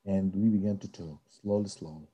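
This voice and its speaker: A man from Israel, a religious leader and peace activist, telling stories in an interview in animated, hesitant, non-native phrasing. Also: deep voice, brisk, breathy edge, highs cut off.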